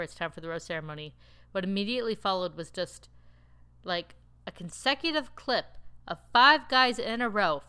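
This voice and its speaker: A woman recapping a TV show in casual chat, rambling and animated with lots of filler words. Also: mid-range voice, clear, resonant tone. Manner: animated, laughing storyteller. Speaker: TV recap podcaster.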